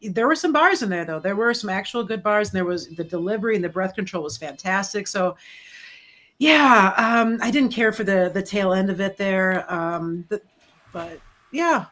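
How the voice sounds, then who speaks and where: Cohost on a stream, mid voice, slow careful opinions, lots of ums. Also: mid-range voice, expressive, fairly bright tone. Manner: measured, hesitant, filler-heavy. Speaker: co-host. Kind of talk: casual livestream commentary.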